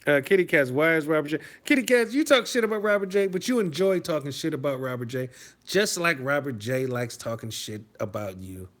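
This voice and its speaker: A man's voice: fairly high pitch, lively intonation, fairly quick, fairly bright tone. A man from Detroit hosting a live stream, reading out chat messages and answering them in a rambling, profane, mocking way. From Detroit, USA.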